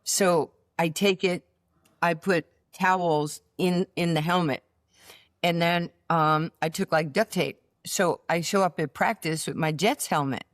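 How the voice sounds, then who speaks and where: A woman, a guest telling lively stories from her childhood in a casual chat, full of fillers and restarts. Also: on the low side, measured pace, no echo, studio quality. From New York. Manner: animated storyteller with many fillers and restarts. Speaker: interview guest.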